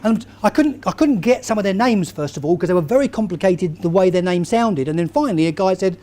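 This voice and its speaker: A man, giving a lively motivational talk to a live audience and quizzing the crowd as he tells stories. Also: high voice, fast talker, few pauses. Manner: animated storyteller, quizzes the crowd. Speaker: keynote speaker.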